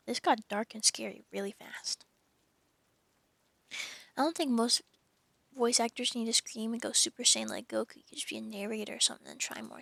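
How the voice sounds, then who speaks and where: A woman streamer reads a novel aloud and drifts into casual, self-deprecating chat between passages. Her voice sits a little high with a creaky, gravelly edge. The sound is dry and close. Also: sing-song, moderate pace, long pauses, fairly bright tone, no echo. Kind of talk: reading a book aloud on a livestream.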